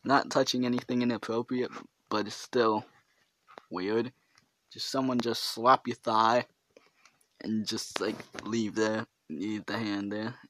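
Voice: medium pitch, fairly even intonation, takes it slowly, fairly bright tone, no room sound. A vlogger talking alone in their bedroom, rambling and giggly, with filler words all through. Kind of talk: rambling casual monologue to camera. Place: own bedroom.

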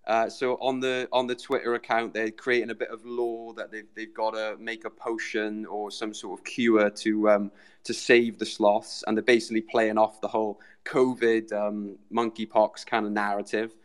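A man's voice: on the low side, flat delivery, normal speed, clean tone. A British man joining a show remotely as the community's guest, chatting loosely and calling everyone mate. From Britain. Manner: chatty, says "mate" a lot, rambling. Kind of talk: casual chat.

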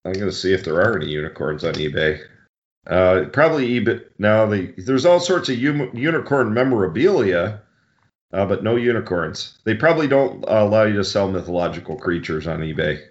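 A man's voice: fairly low pitch, animated, a little fast. A man co-hosting a casual podcast, chatting in loose, rambling tangents and often correcting himself. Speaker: co-host. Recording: dull lo-fi sound.

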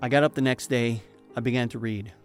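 A man's voice: mid-range voice, fairly even intonation, fairly quick, faint music behind. Earnest man giving a spoken testimony. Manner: earnest, emotional, preacher-like emphasis. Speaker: speaker giving a personal testimony. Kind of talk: personal testimony talk.

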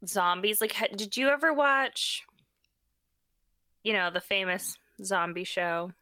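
A woman's voice: medium pitch, animated, slow, sharp tone, no echo. A pregnant young woman co-hosting a podcast in casual chat, rambling with lots of fillers. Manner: chatty, rambling with many fillers. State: pregnant and tired. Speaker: podcast co-host.

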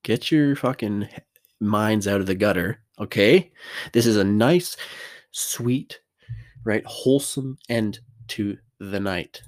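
A man's voice: fairly low pitch, slow. A man vlogging from his bedroom in a loose, rambling monologue, swearing freely and cracking self-mocking jokes.

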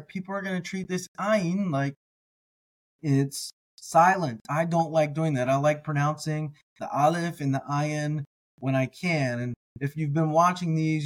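A man teaching, sounding out words slowly with pauses and restarts, then explaining in a relaxed, chatty way. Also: a little high, poor audio. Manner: relaxed and chatty between readings. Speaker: Hebrew teacher. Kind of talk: slow word-by-word reading lesson.

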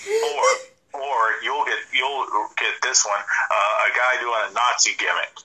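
Husky bright-voiced man joking around. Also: medium pitch, wildly swooping pitch, measured pace, poor audio. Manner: joking, rambling with restarts and stammers. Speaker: podcast co-host. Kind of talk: casual chat reviewing a wrestling match.

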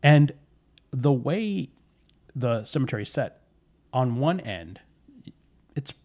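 A man's voice: mid-range voice, big pitch swings, takes it slowly, a little mellow. A man telling a spooky story in casual podcast chat, rambling with fillers and correcting himself.

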